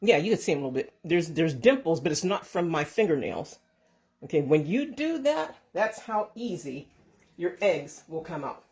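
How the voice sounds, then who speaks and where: A woman talks viewers through a home kitchen recipe while holding her own phone camera. Her delivery is loose and rambling, full of restarts and little corrections. She speaks warmly and sends blessings to the people watching. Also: low-pitched, sing-song, normal speed. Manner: chatty and rambling, with frequent restarts and self-corrections. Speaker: home cooking and canning channel host. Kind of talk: casual how-to vlog. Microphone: handheld phone camera.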